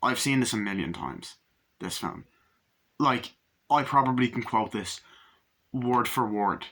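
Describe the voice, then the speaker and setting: A man giving a casual movie review, excited and profane, retelling scenes with eager fan enthusiasm. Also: medium pitch, unhurried.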